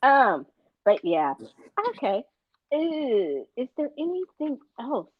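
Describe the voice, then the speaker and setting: A woman's voice: on the high side, big pitch swings, slow, husky, no echo, highs cut off. A woman co-hosting a show review, chatting casually, acting out scenes in playful voices and laughing often. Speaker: podcast co-host reviewing a TV show. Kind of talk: casual chat.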